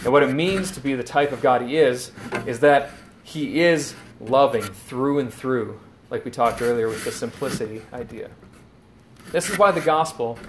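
A man's voice: medium pitch, a little hiss or hum. A man preaching a sermon, earnest and explanatory, retelling scenes in quoted lines.

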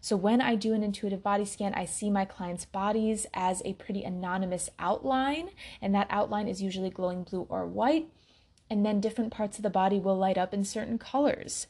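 A woman hosting her own wellness podcast, talking to listeners in a slow, relaxed way with frequent ums. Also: medium pitch. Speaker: podcast host and intuitive health coach. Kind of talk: casual podcast monologue.

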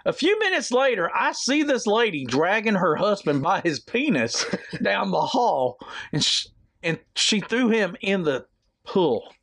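A man co-hosting a podcast in casual chat, reading hotel reviews aloud in a jokey, animated way. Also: sits high, a little slow. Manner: animated, jokey, laughs often while reading. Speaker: podcast co-host.

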